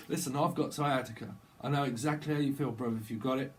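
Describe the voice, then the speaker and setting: A man's voice: medium pitch, steady tone, fast talker, a little hiss or hum. A middle-aged man doing a casual, rambling tarot channeling monologue. He jumps playfully from word to word and laughs often. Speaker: tarot reader.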